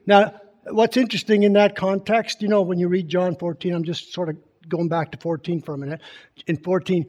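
A man's voice: high-pitched, fairly even intonation, a little fast, darkish tone. A man preaching in a conversational teaching style, reading scripture aloud with emphasis and often quizzing his listeners with questions. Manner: keeps quizzing the congregation with questions.

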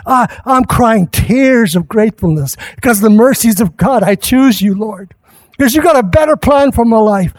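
A male pastor preaching a sermon at a church service, impassioned and rising at times to shouts. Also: high-pitched, lively intonation, normal speed.

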